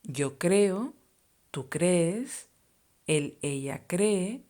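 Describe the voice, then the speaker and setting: A woman teaching phrases, explaining each one slowly and with care. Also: on the low side, lively intonation, warm tone. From Spain. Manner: slow and deliberate, explaining phrases and conjugations. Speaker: Spanish teacher. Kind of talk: scripted language lesson.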